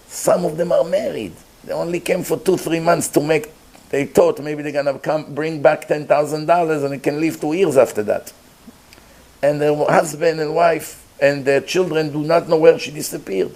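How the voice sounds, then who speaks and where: A man's voice: fairly high pitch, a little mellow. Earnest man lecturing. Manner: earnest, emphatic, with non-native grammar. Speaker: rabbi giving a talk. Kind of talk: informal lecture.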